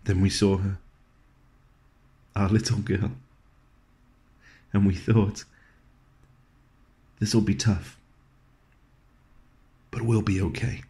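A man with a very deep voice delivers a scripted dramatic monologue. He tells it in a gentle, wry way, dropping into low, soft passages. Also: little pitch movement, takes it slowly, long pauses. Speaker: actor performing a monologue.

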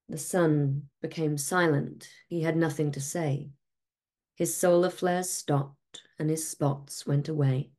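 Slow, low-voiced woman reading a rhyming storybook. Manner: measured, expressive rhyming delivery. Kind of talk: rhyming storybook read-aloud.

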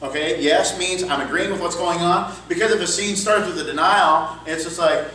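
A man teaching an improv workshop in an upbeat, chatty way, sprinkling in quick asides. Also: sits high, sharp tone, a little hiss or hum. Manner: upbeat, quick asides, frequent "cool" and "okay". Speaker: improv coach. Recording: echoey room, far from mic.

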